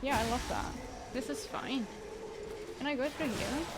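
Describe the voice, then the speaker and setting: A woman's voice: sits high, a little slow, very noisy. A young woman streaming a game, chatting casually with her viewers in a sarcastic, giggly way. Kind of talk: casual gameplay livestream chat.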